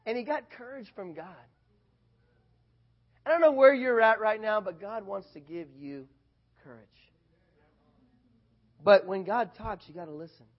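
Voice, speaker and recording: A man preaching a casual sermon, animated, swinging from loud bursts to quiet asides. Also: high voice, a little slow, long pauses, muffled recording.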